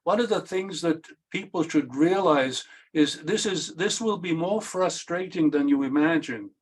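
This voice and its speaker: A man's voice: fairly high pitch, measured pace, breathy edge. A man presenting a workshop, talking in an emphatic, repetitive way with a slight stammer. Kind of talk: instructional talk.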